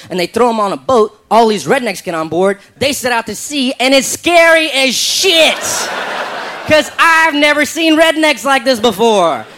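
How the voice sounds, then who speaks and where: A man doing a stand-up comedy routine, telling a story in an incredulous, animated way. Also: high voice.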